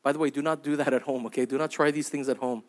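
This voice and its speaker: With a mid-range voice, a steady tone, and a fast pace, a young adult man delivers his sermon as pastor like a conversation. He tells stories, acts out the characters' quoted lines, and keeps checking in with "right?" and "okay?".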